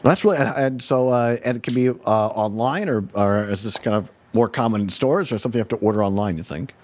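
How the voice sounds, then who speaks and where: A man hosting a casual chat show, animated, laughing often and restarting his sentences. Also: fairly low pitch, fast. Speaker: show host.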